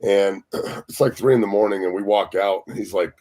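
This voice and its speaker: Husky low-voiced ex-lineman guest, loud profane raconteur who laughs through his stories. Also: moderate pace. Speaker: guest, former pro football lineman. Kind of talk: casual storytelling.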